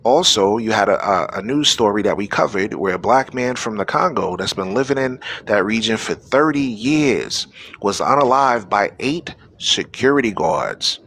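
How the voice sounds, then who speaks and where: A man's voice: lowish voice, lively intonation, moderate pace, fairly bright tone, breathy edge. A man hosting a live-streamed news show, delivering preachy, exhorting commentary to his audience. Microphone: phone or webcam on a live stream.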